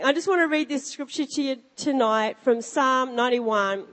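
A middle-aged woman pastor preaches from a church stage, her voice pitched a little high and lively as she tells stories and reads scripture. The sound carries a long hall reverb, with soft music underneath. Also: normal speed, hardly any pauses. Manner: emphatic, animated storytelling. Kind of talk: sermon with storytelling and scripture reading. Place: church stage before a live congregation.

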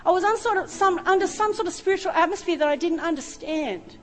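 A woman's voice: very high voice, fast talker. A middle-aged woman preaching a sermon, telling her own story with emotion. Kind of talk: sermon testimony. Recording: reverberant hall with faint music.

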